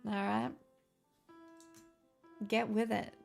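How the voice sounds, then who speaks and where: A woman's voice: mid-range voice, level tone, very slow, gravelly, a little mellow, soft background music. A woman live streamer in a put-on transatlantic accent, chatting casually with her viewers, self-mocking and swearing freely. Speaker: live streamer greeting chat.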